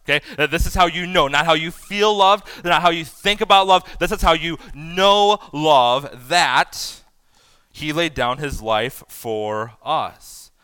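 A man in his thirties preaching a sermon to first responders, animated and acting out imagined voices. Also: a little high, a little slow, smooth, no room sound. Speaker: pastor.

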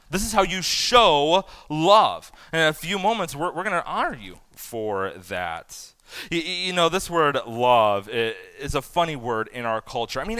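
A man in his thirties preaching a sermon to first responders, animated and acting out imagined voices. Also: a little high, no echo. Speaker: pastor.

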